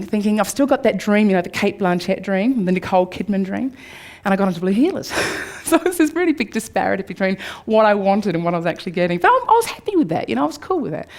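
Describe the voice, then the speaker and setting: Australian woman telling her story to a crowd. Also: mid-range voice. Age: 40s. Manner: candid storytelling, swings from upbeat to hushed. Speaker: speaker. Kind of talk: personal story talk to an audience. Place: room before a live audience.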